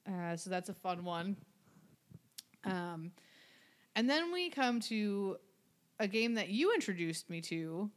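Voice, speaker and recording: A woman's voice: medium pitch, expressive, slow pace, long pauses. A young adult woman co-hosting a casual chat, chatty and sarcastic. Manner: chatty and sarcastic, breaks into singing. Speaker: podcast co-host.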